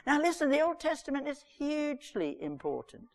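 A woman giving a sermon, reading scripture and retelling it with lively, chatty asides. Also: high-pitched, brisk. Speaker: preacher. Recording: long reverb of a large hall.

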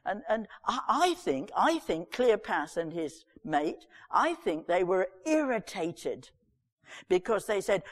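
A woman's voice: mid-range voice, slow pace. Woman preaching in a reverberant hall. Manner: lively storytelling with chatty asides. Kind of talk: sermon with Bible reading. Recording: long reverb of a large hall.

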